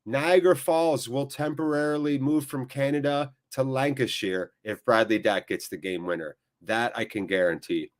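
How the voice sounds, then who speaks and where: A man hosting a fan channel's live watchalong, calling the play excitedly and joking and chatting with viewers in between. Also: mid-range voice, normal speed, few pauses. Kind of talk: live watchalong match commentary.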